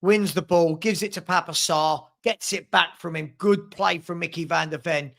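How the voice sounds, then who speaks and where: At home with his dog, a man hosts a live fan watchalong, giving blunt, exasperated running commentary on the match and answering viewers' comments. His voice is on the high side, creaky and fairly bright, at a moderate pace.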